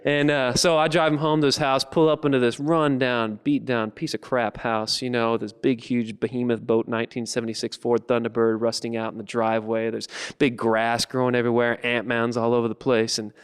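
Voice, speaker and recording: A man telling a story on stage and performing spoken word poetry in an animated, humorous, self-deprecating way. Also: medium pitch, fairly quick, few pauses, smooth, long reverb tail.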